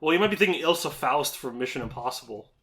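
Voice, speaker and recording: A man's voice: a little high, lively intonation, fast, a bit bright. Give me a joking man hosting a podcast. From Canada. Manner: jokey, laughs often, slips into goofy voices. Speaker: podcast host. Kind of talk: casual podcast banter.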